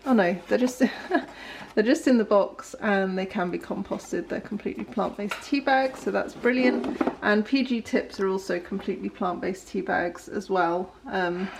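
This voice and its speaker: A young woman talks her way through a relaxed home vlog in her kitchen. Her voice sits at an ordinary middle pitch, and she rambles along with frequent ums and small laughs. A faint hiss sits under the recording. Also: vocal fry. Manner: chatty, rambling, laughs often, many ums. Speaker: vlogger. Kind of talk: casual day-in-the-life vlog.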